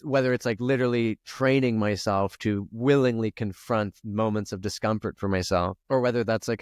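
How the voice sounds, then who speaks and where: A man's voice: on the low side, fairly even intonation, normal speed, few pauses, clear, resonant tone, no echo, clean studio sound. A man, a spiritual coach and podcast guest, speaking earnestly and openly, swearing now and then. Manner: earnest, confessional, swears casually. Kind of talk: candid conversational interview.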